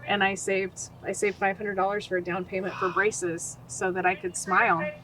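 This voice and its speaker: A woman's voice: mid-range voice, normal speed, a crowd in the background, low-quality recording. A woman in her forties from Utah, a podcast guest telling her life story and acting out the quoted voices. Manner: animated, acts out quoted voices. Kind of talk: storytelling interview.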